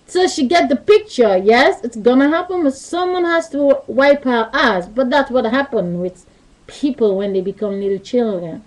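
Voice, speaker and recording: A woman's voice: fairly high pitch, expressive, normal speed, poor audio. A woman telling a rambling story into her webcam in loose, non-native English grammar. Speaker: vlogger. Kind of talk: casual storytelling monologue. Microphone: webcam mic.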